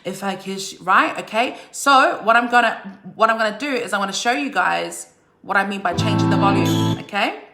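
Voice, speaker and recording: A woman's voice: mid-range voice, fairly quick, bright, forceful tone, reverberant, faint music behind. A woman giving a live online singing lesson in an upbeat way, often checking in with her listeners. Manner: upbeat, checks in with "okay?" and "right?". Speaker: singing teacher.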